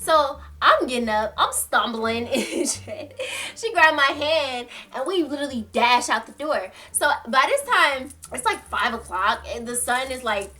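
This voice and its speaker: A woman's voice: high-pitched, normal speed. A young woman telling a story to her viewers in casual, slangy talk, acting out quotes and laughing as she goes. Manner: animated, slangy, laughs often, acts out quotes. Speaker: storytime vlogger.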